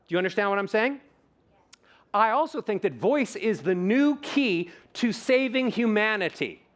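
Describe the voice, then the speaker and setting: A middle-aged man giving an animated conference keynote as a voice coach, theatrical and demonstrative, often asking the audience questions. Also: sits high, moderate pace.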